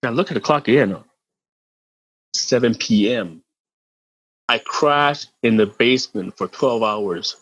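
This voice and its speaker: A middle-aged man, a podcast guest, telling a story in a casual, animated way, laughing and swearing freely and often repeating words. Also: mid-range voice, measured pace, pauses often, no room sound, dull audio.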